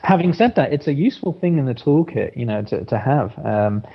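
A man's voice: mid-range voice, expressive, a little fast, gravelly, breathy edge, dull audio. Hesitant male therapist telling a story. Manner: hesitant, many restarts and fillers. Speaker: therapist, podcast guest. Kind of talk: conversational interview storytelling.

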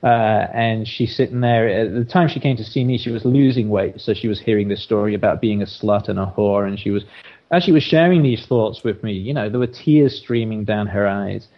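A man's voice: on the low side, fairly quick, dull audio. A man, a therapist, telling a case story in an interview, with many restarts and filler words. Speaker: therapist, podcast guest.

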